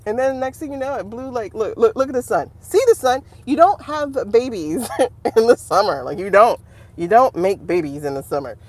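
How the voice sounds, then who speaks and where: Speaking at normal speed in a fairly high voice, an adult woman reads tarot on a casual livestream. She keeps up lively chatter with viewers, laughing often.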